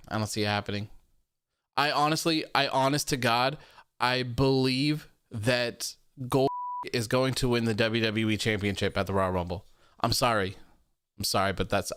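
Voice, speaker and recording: Smooth-voiced guy hosting a wrestling chat. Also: medium pitch, moderate pace, a bit bright, no room sound, studio quality. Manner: loose, repetitive, laughs often. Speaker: podcast host. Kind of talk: casual post-show chat reading viewer comments.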